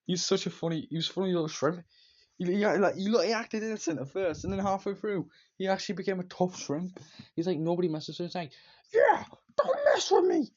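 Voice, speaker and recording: This man reviews a film quickly, his voice sitting high with a touch of mellowness. He rambles loosely through the plot, chaining moments together with "and then," sometimes slipping into goofy voices to play the characters for a line or two. Audio quality is lo-fi and a bit dull.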